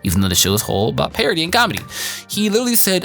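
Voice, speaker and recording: A man giving a casual spoken anime review in an excitable, slangy, rambling way. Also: a little high, racing, creaky, soft background music.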